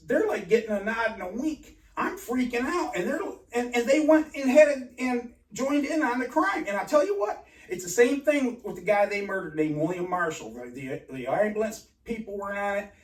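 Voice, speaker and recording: A man telling a rambling personal story in an agitated, halting way, full of restarts and swearing. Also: high-pitched, animated. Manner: profane. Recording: roomy and distant from mic.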